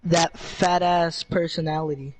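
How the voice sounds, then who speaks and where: A teenage boy co-hosting a podcast in casual chat over a voice call, joking and excitable and swearing casually. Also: on the high side, measured pace. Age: teens. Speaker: podcast co-host.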